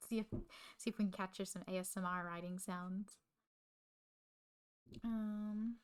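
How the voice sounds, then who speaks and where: A woman's voice: medium pitch, steady tone, unhurried, smooth. A young woman, livestreaming casually while she studies, rambling to her chat and reading notes aloud into a desk microphone. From Australia.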